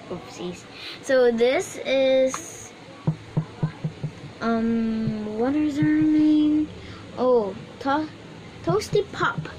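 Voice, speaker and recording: Woman doing a toy unboxing, kinda high voice, slow and rambly, lots of um and like. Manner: rambling and hesitant, with many fillers. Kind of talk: casual unboxing chat. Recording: noisy room background.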